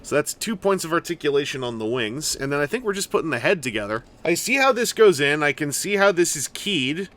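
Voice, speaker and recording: Bright-voiced man rambling through a toy build. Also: a little high, big pitch swings, fairly quick, hardly any pauses. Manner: rambling, self-deprecating, jokey asides. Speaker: toy reviewer. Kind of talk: casual unboxing commentary.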